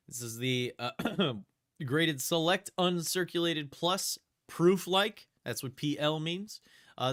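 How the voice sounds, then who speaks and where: Hosting a live-streamed coin auction, a man with a smooth, fairly high-pitched voice describes coins and banknotes. He calls the bids in a chatty, steady auctioneer's chant.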